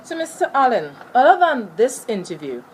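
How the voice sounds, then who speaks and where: A woman's voice: on the high side, big pitch swings, moderate pace, a little hiss or hum. A woman interviewing for a school project, reading out set questions.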